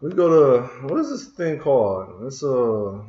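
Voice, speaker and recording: Slow-talking man coding, roomy dull audio. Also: medium pitch, very animated, warm tone. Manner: frustrated, muttering to himself while searching. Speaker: programming screencast host. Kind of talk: casual live coding talk. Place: room at a computer. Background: keyboard typing and clicking.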